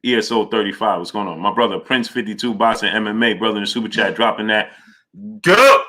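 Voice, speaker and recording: Bright-voiced New livestream host. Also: male voice, on the low side, fairly even intonation, fast talker. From New York. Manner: greets viewers by name, reads super chats aloud. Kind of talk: casual livestream chat.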